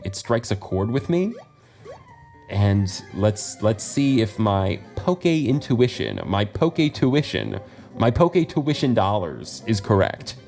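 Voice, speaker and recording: A man's voice: mid-range voice, darkish tone. An American man hosting a casual let's play, chatty and self-deprecating, laughing often between his asides. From United States. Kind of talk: casual video game commentary.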